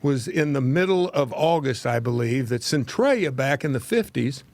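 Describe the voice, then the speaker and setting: A man's voice: medium pitch, lively intonation, moderate pace, darkish tone, no room sound. A man in his seventies hosting a talk show, telling a rambling, folksy story from his childhood and laughing at his own tales. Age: 70s. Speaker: host.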